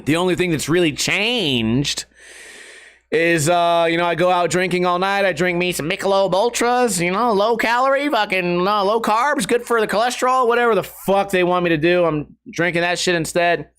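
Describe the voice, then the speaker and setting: A man's voice: sits high, moderate pace, fairly bright tone, clear, resonant tone. A young adult man ranting on a casual podcast, profane and exasperated, putting on mocking voices when he quotes people. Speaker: skateboarding YouTuber.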